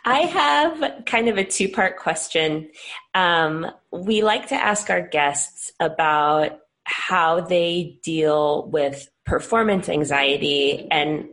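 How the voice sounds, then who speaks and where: A woman hosting a podcast poses a long, measured question to her guest. She speaks slowly in a lower voice and phrases each part with care. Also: animated, fairly bright tone. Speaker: podcast host. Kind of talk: asking interview questions.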